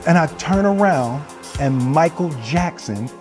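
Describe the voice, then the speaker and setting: A man telling an animated anecdote, acting out the lines he quotes. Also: a little slow, music in the background. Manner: acts out quotes with loud jumps in pitch. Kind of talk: animated storytelling.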